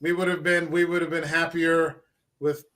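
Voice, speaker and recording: A man with a high, bright voice breaks down a character's behaviour on a casual podcast. His delivery is analytical, with a few quick, emphatic bursts. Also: flat delivery. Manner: analytical, picks apart characters' motives. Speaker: podcast co-host. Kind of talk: casual film discussion.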